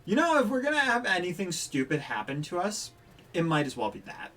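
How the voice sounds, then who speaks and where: A livestreamer giving live gameplay commentary who talks excitably and breaks into loud, frustrated outbursts. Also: medium pitch, a little fast, far from the mic, soft background music.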